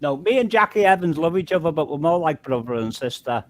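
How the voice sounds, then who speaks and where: A man's voice: on the high side, expressive, quick pace, no echo. A man with an English accent leaning toward Scouse, chatting casually on a panel and rambling through explanations. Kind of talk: casual chat.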